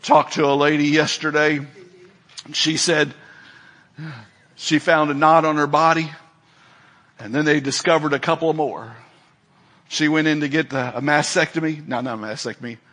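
A man's voice: a little high, fairly even intonation, normal speed, long pauses, a bit bright. A middle-aged male preacher giving a folksy sermon, telling stories and acting out the people in them. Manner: folksy storytelling, acts out quoted voices, laughs often.

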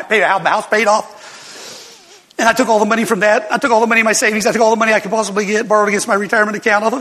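An older man preaching a sermon, telling folksy stories with sudden loud outbursts. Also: high voice. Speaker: pastor. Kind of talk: sermon storytelling. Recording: long hall reverb.

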